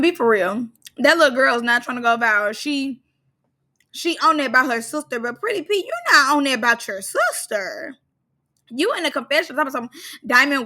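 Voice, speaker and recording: A young woman giving a sassy, slang-heavy recap of a reality show, now and then breaking into loud outbursts. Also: sits high. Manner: animated, sassy, slangy, bursts into shouts.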